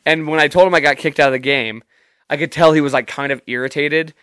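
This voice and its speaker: A man's voice: fairly high pitch, steady tone, fast, a bit bright, clear, resonant tone, no room sound, studio quality. A young man telling a rambling, profane story in a casual, self-amused way.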